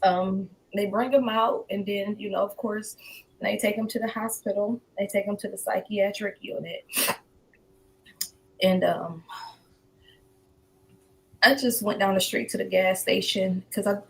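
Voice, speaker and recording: A woman's voice: medium pitch, steady tone, unhurried, vocal fry, long pauses, low-quality recording. A woman giving an emotional personal account as a guest, her voice climbing and breaking. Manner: intense, voice rising to near shouts and breaking. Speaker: guest telling her story.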